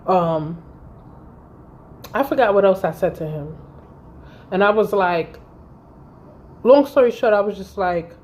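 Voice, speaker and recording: Brief: woman in her thirties, mid-pitched, heated profane storytime vlogger. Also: slow, long pauses, mellow, a little hiss or hum. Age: 30s. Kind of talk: storytime vlog.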